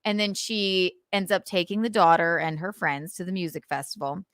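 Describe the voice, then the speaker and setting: A woman hosting a casual live stream, animated and swearing as she acts out scenes. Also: fairly low pitch, no room sound, studio quality. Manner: animated, swearing, acting out scenes with quick voices. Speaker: podcast host.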